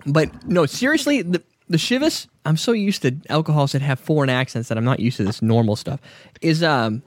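A man's voice: a little high, animated, normal speed, dry recording, studio quality. A man hosting a casual podcast, talking in a loose, profane, joking way. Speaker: podcast host.

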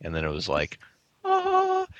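A man with a lowish, gravelly voice co-hosts a casual podcast, talking about beer in a relaxed way full of restarts and swearing. His tone has a bright edge. The sound is dry and close. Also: unhurried, dry recording, lo-fi sound. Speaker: podcast co-host. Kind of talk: casual beer-tasting chat.

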